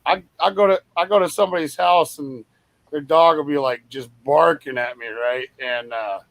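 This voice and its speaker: A man with a high, gravelly voice tells stories in a casual group chat. He swears freely and acts out his pet's sounds as he talks. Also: steady tone, normal speed, a bit bright, dry recording, low-quality recording. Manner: swearing, storytelling, imitates his cat.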